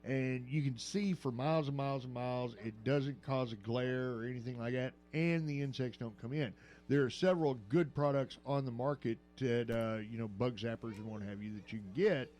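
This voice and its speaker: A man's voice: medium pitch, moderate pace, a little mellow. An older man hosting a morning radio talk show, joking and rambling with lots of fillers. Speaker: radio host. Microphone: studio microphone.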